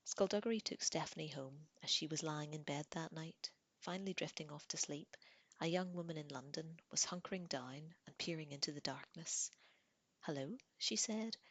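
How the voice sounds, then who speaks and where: A woman narrating a book chapter aloud in a calm, measured way. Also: low voice, no echo. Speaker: audiobook reader. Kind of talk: audiobook narration.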